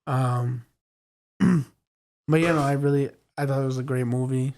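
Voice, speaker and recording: A young man co-hosting a podcast in casual chat, retelling scenes with animated energy. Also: mid-range voice, a little slow. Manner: animated storyteller, acts out scenes. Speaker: podcast co-host.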